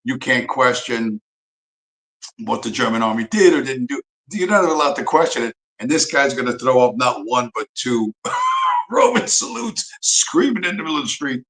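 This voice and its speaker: A man's voice: medium pitch, huge pitch swings, moderate pace, fairly bright tone, reverberant, poor audio. A man hosting a livestream, ranting casually in a profane, rambling, sarcastic way. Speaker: livestream host.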